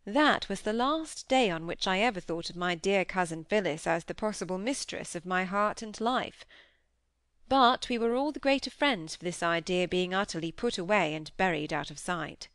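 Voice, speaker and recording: A woman reads a classic novel aloud in a measured, even manner. Her voice sits fairly low. The sound is dry and close to the mic. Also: dry recording. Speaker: audiobook narrator. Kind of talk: scripted narration of a classic novel.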